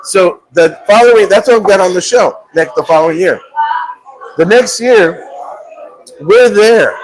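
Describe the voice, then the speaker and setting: A man's voice: sits high, a little slow, long pauses, rough recording. A man hosting a live stream from a restaurant, telling a story and acting out the voices of the people in it. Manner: animated storyteller, acts out quotes, laughs often. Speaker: show host.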